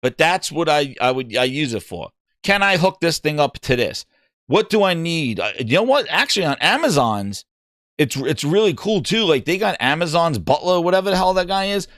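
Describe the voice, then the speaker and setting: A man's voice: a little high, big pitch swings, normal speed, a bit bright, no room sound, studio quality. A man hosting a gaming podcast, talking in a rambling, casual way with lots of fillers and restarts. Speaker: podcast host.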